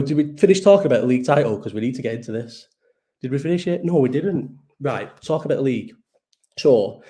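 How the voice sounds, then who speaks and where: A man talks to his viewers in a loose, meandering live chat. His voice is dark and mellow, and he sounds tired. He swears freely and keeps breaking off and restarting his sentences. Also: mid-range voice. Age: 30s. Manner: rambling, swears a lot, restarts and trails off. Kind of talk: casual chat.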